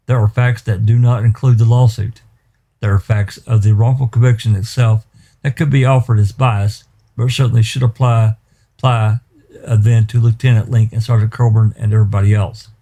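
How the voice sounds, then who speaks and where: A man presses a prosecutor's argument before a judge in a courtroom. His voice is deep, dark and mellow, and his delivery is measured, broken by fillers and restarts. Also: steady tone.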